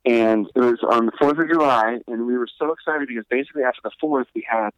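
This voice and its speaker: A man's voice: medium pitch, fast, dry recording, rough recording. A man who is a musician guest on a podcast, telling a story casually in a rambling, profane way full of fillers.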